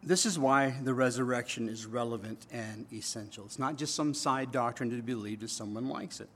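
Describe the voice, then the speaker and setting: A male pastor preaching a sermon in church before a congregation. He keeps checking in with his listeners and swings between loud, emphatic bursts and quiet, low asides. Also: a little fast, slightly rough.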